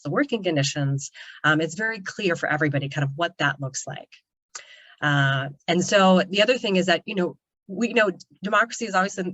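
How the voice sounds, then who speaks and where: A woman co-op developer gives an earnest webinar presentation over a video call, her voice low and a bit bright in a dry recording. She talks loosely, with many "um" and "kind of" fillers.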